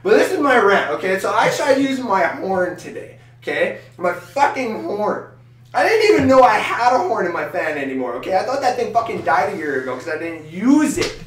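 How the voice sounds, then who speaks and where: Excitable swearing man in an echoey room. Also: high-pitched, brisk, recorded from a distance. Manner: loud, swearing, excitable rants. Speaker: podcast co-host. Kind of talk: casual profane ranting chat. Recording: echoey room, off-mic, faint noise.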